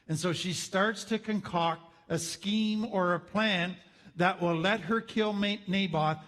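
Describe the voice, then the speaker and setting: High-voiced man teaching in an echoey hall. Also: a bit bright. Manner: storytelling with wry humorous asides. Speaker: teacher on trauma. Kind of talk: conversational teaching talk.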